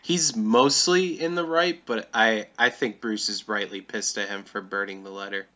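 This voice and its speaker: A man's voice: fairly low pitch, normal speed, bright, forceful tone. A man co-hosting a casual movie podcast, talking in a laid-back, rambling way full of hesitations. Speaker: podcast co-host.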